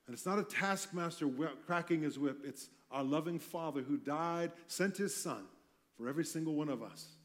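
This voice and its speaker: Passionate preacher, higher-voiced man. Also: moderate pace. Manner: passionate, with wide swings in loudness and light humorous asides. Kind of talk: sermon.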